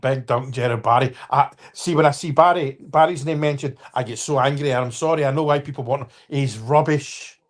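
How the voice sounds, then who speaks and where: A man's voice: medium pitch, quick pace, few pauses. A man in his fifties hosting a casual live-stream football chat, rambling with restarts and apologies and talking to viewers by name. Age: 50s.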